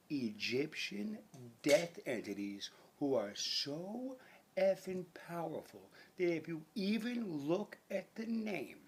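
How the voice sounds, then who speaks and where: A man's voice: mid-range voice, gravelly, husky. A man delivering a rambling, profane, mock-grandiose conspiratorial monologue.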